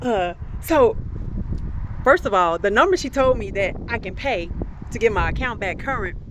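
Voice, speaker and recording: A woman's voice: mid-range voice, expressive, normal speed, background noise. A young woman telling a personal faith testimony in a casual, chatty way, speaking straight to her viewers and laughing often. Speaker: vlogger sharing faith testimonies.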